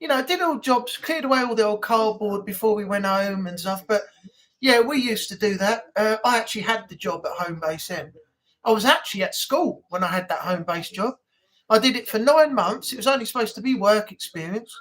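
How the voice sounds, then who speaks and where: A man's voice: high-pitched, brisk, fairly bright tone, rough recording. A man hosting a casual live-stream chat from home, rambling and chatty with lots of fillers. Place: home room.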